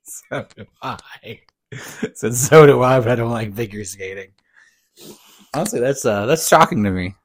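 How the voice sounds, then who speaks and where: A man's voice: medium pitch, normal speed, dry recording. A man co-hosting a podcast in loose, joking casual chat, swearing freely and laughing often. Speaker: podcast co-host.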